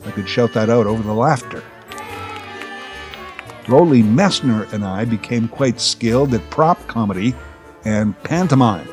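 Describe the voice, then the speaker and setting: A man's voice: mid-range voice, animated, unhurried, long pauses, a little mellow, soft background music. A man from the prairies, narrating a comic memoir with dry, self-mocking asides. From Canadian prairies. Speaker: storyteller.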